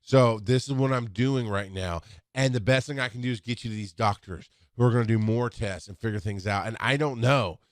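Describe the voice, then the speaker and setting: A man's voice: medium pitch, brisk, no room sound, studio quality. A middle-aged man giving an informal teaching talk as an instructor, speaking candidly and rambling with restarts, acting out bits of dialogue. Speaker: EMS instructor.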